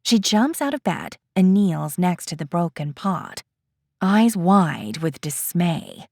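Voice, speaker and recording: A woman narrating an audiobook in a measured, expressive storytelling manner. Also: lowish voice, creaky, dry recording, studio quality.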